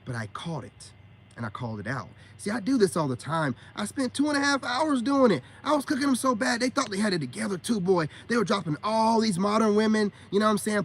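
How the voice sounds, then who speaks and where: Addressing his livestream viewers, this middle-aged man, who calls himself a spiritual coach, rants in slangy, emphatic bursts of repeated words. His voice sits high, husky and fairly bright.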